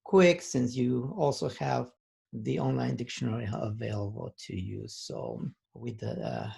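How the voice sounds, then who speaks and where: A man teaching an online language lesson, reading word lists aloud slowly and pausing often with fillers. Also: mid-range voice, gravelly, dark tone, slightly rough, rough recording.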